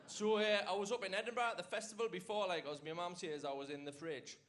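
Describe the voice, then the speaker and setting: A young man from Newcastle with a broad Geordie accent performs stand-up in a rambling, deadpan way, full of dialect fillers. His voice sits a little high for a man. The club recording carries a layer of noise behind him. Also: fast. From Newcastle, England. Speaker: stand-up comedian. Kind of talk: stand-up comedy set. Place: comedy club stage with a live audience.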